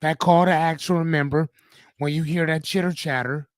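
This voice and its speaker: A man's voice: on the high side, steady tone, moderate pace, no room sound. A man hosting a live-streamed motivational talk, speaking casually, swearing freely and often checking in with "right?". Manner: casual, profane, keeps asking "right?".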